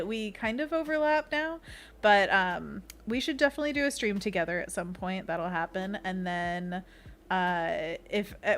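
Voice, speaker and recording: A young woman streaming as an art host, chatting casually with viewers while she paints, giggly and quick to slip into playful bits. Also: mid-range voice, a little hiss or hum.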